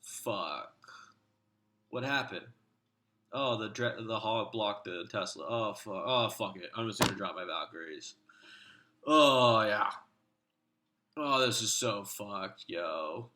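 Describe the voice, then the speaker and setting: A man's voice: fairly low pitch, animated, takes it slowly, pauses often, bright, forceful tone, full character voice. A man doing a cursing, exhausted young gamer. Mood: panicked. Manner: swearing, groaning play-by-play.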